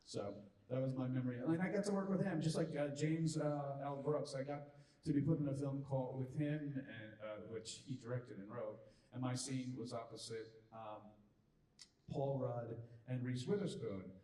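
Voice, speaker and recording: A man guest at a convention panel, telling animated anecdotes and acting out other people's lines as he goes. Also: mid-range voice, moderate pace. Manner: animated, acts out quotes in other voices, laughs often. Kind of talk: anecdotal Q&A storytelling. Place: large convention hall. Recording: roomy hall from far off.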